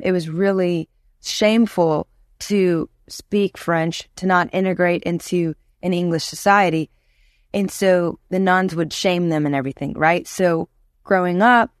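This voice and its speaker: A woman in her thirties from Louisiana, talking as an interview guest. Her voice sits on the low side, and the sound is dry and close. She tells stories with energy and puts on the voices of the people she quotes. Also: no echo. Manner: animated storyteller, acts out quoted voices. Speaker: guest musician. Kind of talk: casual interview chat.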